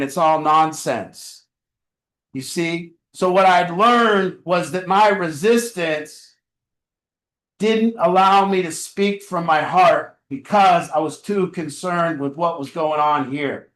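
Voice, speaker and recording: A man's voice: sits high, a bit bright, echoey room, poor audio. A man leading an addiction family support group, talking earnestly in a repetitive, preaching rhythm full of rhetorical questions. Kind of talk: motivational group talk. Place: meeting room with a group.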